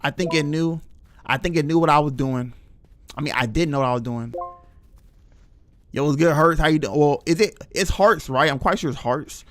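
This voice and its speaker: A man's voice: on the high side, moderate pace, long pauses, a bit bright, slight background noise. A young man streaming a horror game, reacting casually with slang and talking to his chat. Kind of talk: live gameplay commentary.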